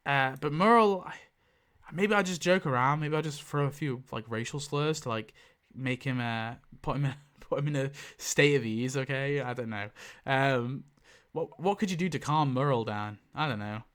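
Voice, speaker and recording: A man giving casual, rambling commentary, correcting himself often, swearing freely and jumping up in pitch for emphasis. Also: normal speed, smooth. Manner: animated pitch jumps for emphasis. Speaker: YouTube tier-list ranker.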